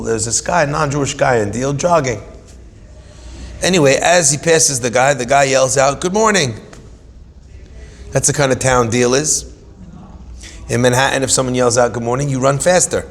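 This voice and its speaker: A man giving an animated Torah class, telling stories with humorous asides and dramatic emphasis. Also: medium pitch, gravelly, big-room sound. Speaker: Torah teacher.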